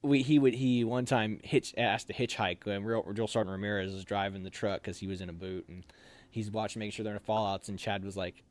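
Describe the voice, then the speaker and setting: A young man telling army stories in a casual chat, animated and laughing as he acts out lines. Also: on the low side, fairly quick, no room sound.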